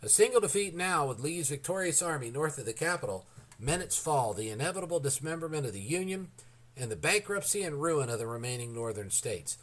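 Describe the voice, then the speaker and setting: A man reading a historical novel aloud as an audiobook narrator, in a measured, deliberate way. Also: on the high side, very animated, fairly bright tone, poor audio.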